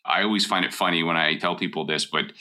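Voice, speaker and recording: Middle-aged man, very deep and bright-toned, casual advice talk, emphatic and direct. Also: steady tone, fast talker. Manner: blunt, emphatic, repeats key points. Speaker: mortgage broker.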